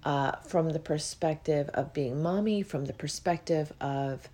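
A woman hosting a spiritual podcast, talking alone in a relaxed, meandering way and yawning often as she goes. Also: deep voice, measured pace. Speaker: podcast host.

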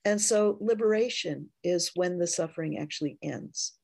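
A woman Zen teacher giving a dharma talk, speaking in a slow, reflective way with frequent pauses. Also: on the low side, vocal fry, a little mellow, no room sound.

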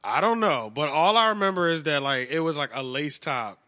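A man's voice: a little high, animated, a little fast, bright, forceful tone, dry recording. A man co-hosting a podcast in casual chat, laid-back and slangy. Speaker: podcast co-host.

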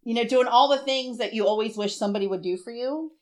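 A woman's voice: a little high, fast talker, darkish tone. A woman in her thirties co-hosting a podcast in casual chat, chatty and filling her talk with "like". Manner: chatty, peppers speech with "like". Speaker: podcast co-host.

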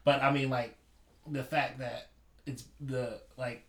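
A man's voice: medium pitch, level tone, takes it slowly. A man in casual podcast chat, thinking aloud with restarts as he goes. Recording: roomy room sound.

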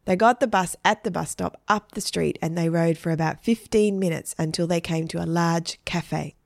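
A woman narrating a children's story in a steady, clear reading voice. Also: fairly low pitch, normal speed, no echo, studio quality.

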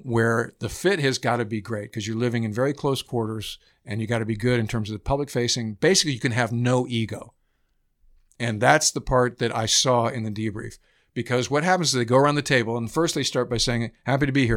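Laid-back former jet pilot telling stories. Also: male voice, medium pitch. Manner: relaxed and anecdotal, swears casually, many fillers. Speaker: podcast editor and former naval aviator. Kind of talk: casual storytelling chat.

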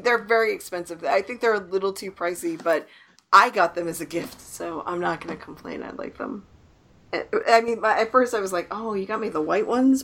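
A woman co-hosting a casual podcast chat, teasing and laughing often. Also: medium pitch. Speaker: podcast co-host.

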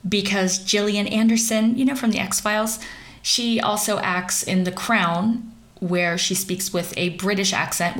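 A woman's voice: medium pitch, a bit bright. Woman, young adult, sardonic gossip commentator, wry and sarcastic. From central Pennsylvania, US.

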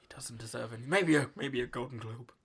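A man's voice: mid-range voice, a little fast, gravelly, fairly bright tone, breathy edge. A man playing a boastful but flustered actor in improvised comedy banter, stammering and prone to sudden outbursts. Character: boastful, flustered male actor, claims two Oscars.

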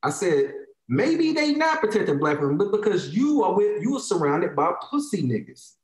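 A heated man in his thirties with an African American Vernacular English accent rants on a casual talk show, voice set high and swinging widely up and down. He swears freely and hammers his points with repetition. The room gives his voice a noticeable echo. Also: big pitch swings, moderate pace. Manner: heated, profane, emphatic, repeats phrases for emphasis. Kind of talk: casual opinionated rant.

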